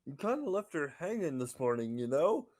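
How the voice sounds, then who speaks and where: A man's voice: on the high side, sing-song, normal speed, a little mellow. A man guesting on a game stream, a voice actor chatting casually and teasing the host. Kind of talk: casual chat.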